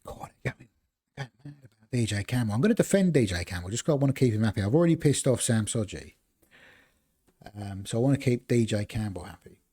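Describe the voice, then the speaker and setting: A man's voice: mid-range voice, sing-song, fast, dark tone, breathy edge. A man casually commentating as he plays a football management game on a live stream, rambling and chatting to viewers between decisions. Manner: rambling, chatty, talks to chat between choices.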